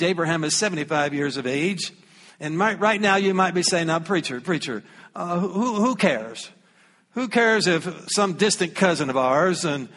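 A man's voice: fairly high pitch, fairly bright tone, big-room sound. A man with a Southern US accent preaching a sermon as pastor, folksy and humorous, reading scripture aloud.

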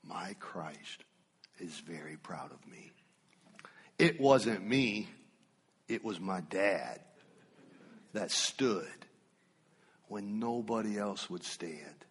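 A man delivers a sermon in an unhurried, storytelling way, leaning on pauses and repeated phrases for emphasis. His voice sits a little low and has a husky edge. The sound carries a long reverb, as if the sermon is heard in a large hall. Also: expressive. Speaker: preacher.

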